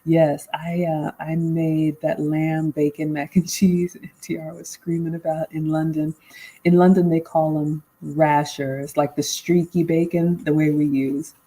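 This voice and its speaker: Over a rough recording, a deep-voiced woman speaks in a flat, mellow, unhurried way. She's in her forties, a livestream host and life coach, reading out viewer comments during a casual live Q&A and responding to them in a conversational style.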